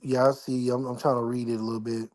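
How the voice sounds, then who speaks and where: Livestreaming from his apartment, a man hosts a casual chat, rambling and using slang while keeping his voice down. His medium-pitched voice is a little mellow, flat in delivery and quick.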